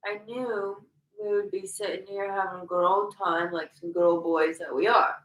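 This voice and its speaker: A woman's voice: medium pitch, fairly even intonation, moderate pace, fairly bright tone, distant mic. A woman co-hosting a casual chat, telling stories and laughing through her words. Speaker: podcast co-host. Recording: echoey room, a bit off-mic.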